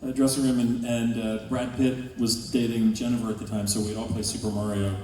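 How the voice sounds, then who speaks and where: A man's voice: mid-range voice, little pitch movement, fairly quick, darkish tone, a little hiss or hum. A man on a convention panel relaxedly recalling his time on a sitcom set. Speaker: panel guest actor. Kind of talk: casual anecdote on a convention panel. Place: large convention hall with an audience. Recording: echoey hall recording from far off.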